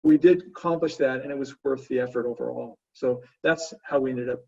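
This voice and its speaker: A man answering webinar questions as a panelist, halting, with frequent fillers and restarts. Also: medium pitch, gravelly, darkish tone, slightly rough. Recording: distant, muffled remote audio.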